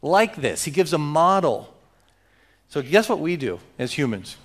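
A man's voice: fairly high pitch, sing-song, measured pace. A man preaching a sermon as pastor, emphatic and joking with his congregation.

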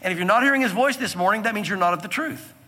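A man preaching a sermon from the pulpit, earnest and emphatic, slowing down to stress key phrases. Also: sits high, pushed and bright, in a large hall. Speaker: pastor.

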